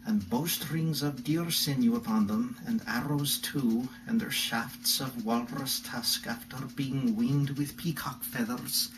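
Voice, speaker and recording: A man's voice: medium pitch, unhurried, hardly any pauses, far from the mic, background noise, natural voice. A man reading a medieval tale in a put-on Welsh accent, reciting long descriptive lists in a rhythmic, ornate way. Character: medieval Welsh storyteller man recounting an adventure.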